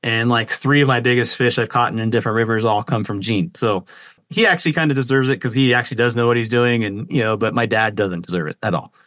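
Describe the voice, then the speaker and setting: Excitable man telling a fishing tale. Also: quick pace, no echo. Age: 40s. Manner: excited, quotes others in a higher voice, many fillers. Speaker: fishing guide. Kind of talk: animated storytelling in a podcast interview.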